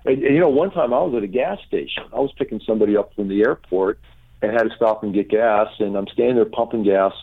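A middle-aged man, a pastor, telling healing stories in an interview and acting out the people he quotes. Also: fast. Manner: animated storyteller, acts out quotes with high pitch jumps. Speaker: pastor and author, guest. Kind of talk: conversational interview, storytelling. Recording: tinny phone-line audio.

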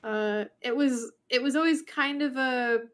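A woman's voice: high-pitched, measured pace, fairly bright tone. A woman co-hosting a casual podcast chat, rambling and thinking aloud with many restarts. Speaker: podcast co-host.

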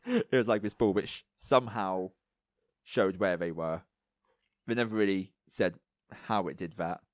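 A man co-hosting a casual podcast chat, rambling with lots of fillers and going a little hoarse. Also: low-pitched, a little slow, dry recording. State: losing his voice, coughing. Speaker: podcast co-host.

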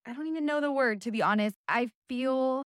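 A woman's voice: high-pitched, a little fast, smooth, no room sound, studio quality. A woman podcast co-host reflecting in a thoughtful, hesitant way, often searching for words. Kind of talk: reflective conversation.

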